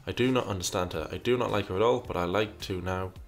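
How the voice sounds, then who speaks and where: A fast-talking man with a low voice hosts a laid-back question session as faint music plays. Viewer questions get read aloud, each answer gets mulled over, and he repeats himself often.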